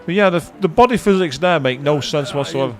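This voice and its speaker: A man's voice: on the high side, expressive, brisk, soft background music. A man giving casual live commentary on a video game, chatting to viewers and swearing now and then. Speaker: let's play streamer.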